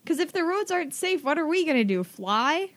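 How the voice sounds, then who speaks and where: A woman's voice: sits high, big pitch swings, a bit bright, no room sound. A woman playing in a tabletop game, chatting casually in a playful, teasing way. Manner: playful, teasing, quick to joke. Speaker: player.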